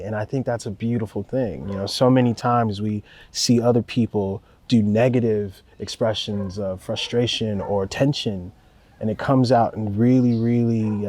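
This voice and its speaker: A young man, a record producer, talking casually in an interview, laid-back and rambling, swearing freely as he praises the people he works with. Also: on the low side. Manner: calm and warm-spoken.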